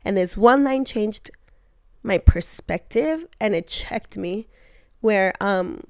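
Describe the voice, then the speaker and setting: A young adult woman telling a personal story in an animated way to her husband, laughing often and acting out the lines she quotes. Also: medium pitch, slow, gravelly, dry recording, clean studio sound. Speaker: co-host of a couple's talk show.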